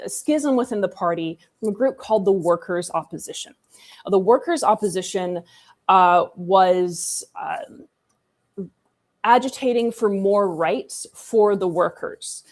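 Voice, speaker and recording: A woman's voice: mid-range voice, takes it slowly. Chatty, irreverent woman host. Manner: chatty and irreverent, with sarcastic asides and laughs. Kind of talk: casual history discussion.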